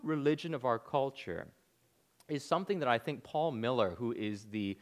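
A man in his thirties preaching a sermon, animated, with rhetorical questions and dry sarcasm. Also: mid-range voice, moderate pace. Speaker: pastor.

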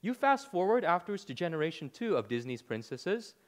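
A man in his thirties preaching a sermon, animated, with rhetorical questions and dry sarcasm. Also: high voice, fairly quick. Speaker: pastor.

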